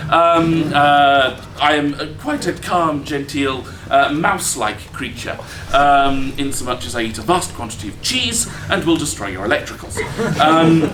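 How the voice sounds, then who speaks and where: Man, improv comic, rambling self-deprecating storytelling, echoey stage, steady background noise. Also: fairly high pitch, measured pace, few pauses. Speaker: improv comedy performer. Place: live comedy stage.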